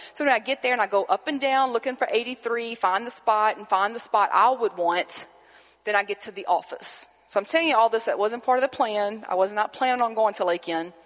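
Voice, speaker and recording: A woman pastor tells a personal story from the pulpit, lively and animated, playing out every line of dialogue. Her voice sits in the middle range for a woman. A long hall reverb trails behind each phrase. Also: medium pitch. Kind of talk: storytelling sermon.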